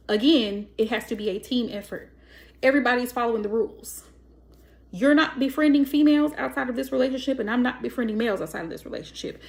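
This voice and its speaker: Brief: woman tarot reader, a bit high-pitched, emphatic, chatty, acts out dialogue. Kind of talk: casual spoken tarot reading.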